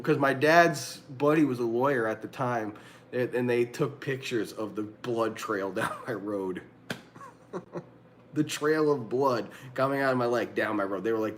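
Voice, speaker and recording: Young guy on a livestream telling a crazy story, laughs a lot, does the voices, bit of background hiss. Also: mid-range voice. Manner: animated, laughing often, acts out quoted lines. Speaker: livestream host. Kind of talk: casual storytelling chat.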